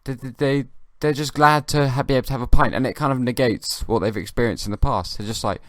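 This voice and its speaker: A young man hosting his own comedy podcast, rambling in a halting, dry way with many restarts. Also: mid-range voice, steady tone, dry recording. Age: young adult. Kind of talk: rambling comic monologue.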